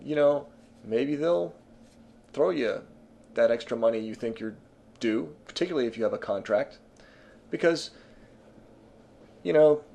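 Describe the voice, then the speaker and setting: A man's voice: mid-range voice, darkish tone. A man talking through music business advice in a casual, conversational way, with frequent fillers and restarts.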